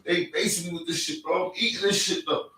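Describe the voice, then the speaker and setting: Man, casual storytelling, street slang, forceful tense tone, roomy echo from a distant mic. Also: high voice, a little fast. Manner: rambling street-slang delivery, constant "you feel me". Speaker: podcast host. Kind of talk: casual conversation, personal storytelling. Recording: echoey room, mic at a distance.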